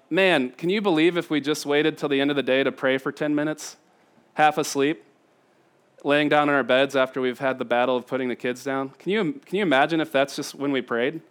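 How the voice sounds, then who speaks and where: A man's voice: a little high, smooth. A man in his thirties from Indiana, preaching a sermon built on family stories, laughing often and talking with many fillers. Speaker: pastor.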